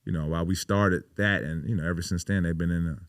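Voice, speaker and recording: A man's voice: deep voice, fairly even intonation, quick pace, no room sound, studio quality. A man in his thirties, a pro basketball player guesting on a podcast, telling stories in a casual, emphatic way with lots of swearing and "you know" fillers. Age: 30s. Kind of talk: casual interview storytelling.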